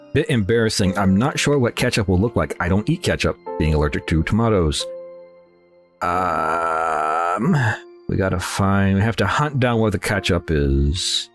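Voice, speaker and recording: A man casually commenting while he plays a horror game, rambling and joking with himself and talking back at the game. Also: sits low. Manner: rambling, self-mocking, talks to the game. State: slightly nasal after sneezing. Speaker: let's play host.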